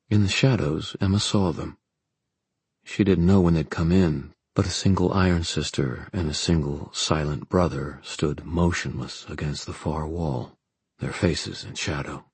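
A man narrating an audiobook with steady storytelling. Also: rumbling low, unhurried, slightly rough, no room sound.

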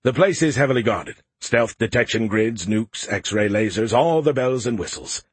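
Male narrator voicing a boastful alien AI for an audiobook, raised, husky, snarky and mocking, dry close sound. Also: mid-range voice, animated, moderate pace, no echo.

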